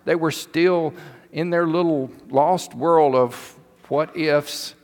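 A man's voice: fairly high pitch, fairly even intonation, slow. A male pastor preaching a sermon in a church, retelling a story with emphatic repetition. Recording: long hall reverb.

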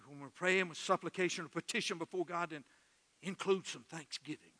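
A middle-aged male pastor preaching a sermon in a church, earnest and emotional, dropping soft and then swelling loud. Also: high voice, brisk, in a large hall. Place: church sanctuary.

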